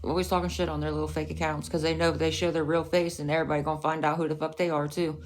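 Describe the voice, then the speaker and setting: Brief: woman streamer, lowish voice, swears freely, argues with her chat. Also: little pitch movement, very fast, a little hiss or hum. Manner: profane, confrontational, scolding chat. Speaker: livestreamer. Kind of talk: casual livestream rant.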